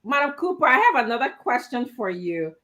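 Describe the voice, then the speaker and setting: A woman, hosting a talk show and asking measured questions with many fillers. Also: a little high, very animated, pushed and bright. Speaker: host.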